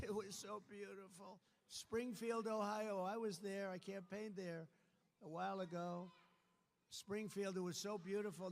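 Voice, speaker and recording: A high-pitched, bright and forceful American man delivers a campaign rally speech. He repeats short punchy lines and climbs into shouts. His voice carries a long reverb from a large hall, with faint ambience underneath. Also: vocal fry, slight background noise. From United States. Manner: repetitive, punchy declarations, rising to shouts. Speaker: political candidate. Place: large venue at a campaign event.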